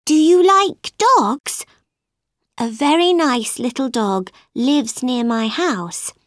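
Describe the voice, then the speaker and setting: A woman playing a polite, curious little girl in a storybook who chatters away and keeps apologising. Her voice rides high and lively, and the sound is close and dry. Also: slow, no room sound. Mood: apologetic. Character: polite, curious young girl, shrunk tiny. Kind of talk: storybook reading.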